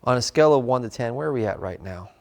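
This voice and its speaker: A man teaching a live sales training class in a casual, animated way, slipping into short customer role-plays. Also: mid-range voice, fast talker, gravelly. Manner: animated, conversational, drops into customer role-play.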